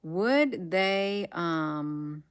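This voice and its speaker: On her casual livestream, a woman from the United States reads headlines aloud, mulling things over and trailing off with frequent ums. Her voice is lowish, expressive, and clean-toned, and she speaks very slowly.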